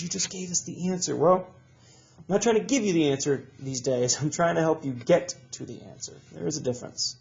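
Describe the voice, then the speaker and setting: On a dull lo-fi recording, a stuffy-nosed male teacher speaks in a mid-range, gravelly voice with a darkish tone. He guides young students through a video lesson patiently and encouragingly, repeating every instruction.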